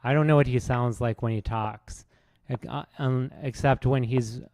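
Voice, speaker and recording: A man streaming, rambling in a deadpan, sarcastic way with halting restarts. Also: medium pitch, dry recording, clean studio sound. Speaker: chess streamer. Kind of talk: casual rambling monologue.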